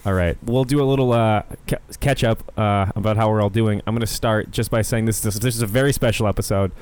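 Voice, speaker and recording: A man's voice: on the low side, fairly even intonation, fast, a little mellow, clean tone. A man co-hosting a casual podcast from his bedroom, rambling and joking with restarts. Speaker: podcast co-host.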